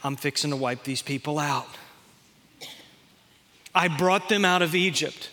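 A man's voice: on the high side, unhurried, pushed and bright, in a large hall. A man voicing God in a sermon, paraphrasing him as a plain-spoken, exasperated father figure. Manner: paraphrasing in a drawling, homespun way.

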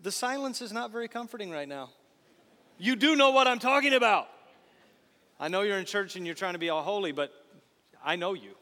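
Pastor guy preaching, high bright voice, lively stories and asides to the crowd, long hall echo. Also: brisk, long pauses. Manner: animated storytelling with asides to the congregation. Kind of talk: sermon. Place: church sanctuary.

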